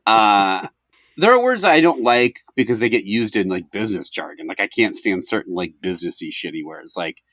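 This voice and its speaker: Low-voiced man in crude podcast banter. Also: animated, moderate pace, fairly bright tone, dry recording. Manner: crude, swears freely, laughs often. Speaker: podcast co-host. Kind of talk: casual podcast chat.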